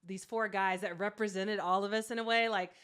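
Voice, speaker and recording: Podcast co-host, woman, smooth clear tone, easygoing and chatty. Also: medium pitch. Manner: relaxed, quick affirmations and laughter. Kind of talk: casual chat.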